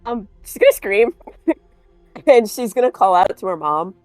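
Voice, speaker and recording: A woman's voice: medium pitch, very animated, moderate pace, a little mellow, dry recording, soft background music. A woman playing a tabletop game, chattily describing what her character does. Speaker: player.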